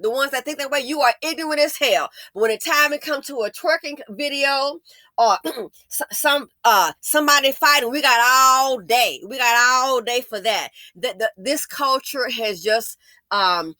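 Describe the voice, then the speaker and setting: A woman's voice: high voice, moderate pace, bright, forceful tone, no echo, studio quality. A woman hosting a commentary video, ranting in an angry, profane, scolding way. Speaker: commentary channel host. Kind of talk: blunt commentary rant.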